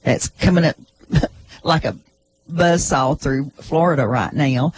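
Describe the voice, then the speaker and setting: A man's voice: on the high side, darkish tone, a little hiss or hum, poor audio. A man co-hosting a local radio show and chatting casually through community announcements. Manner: folksy, easygoing community announcements.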